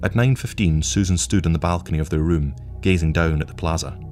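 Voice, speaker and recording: Deep-voiced male story narrator. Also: brisk, over music. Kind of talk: audiobook story reading.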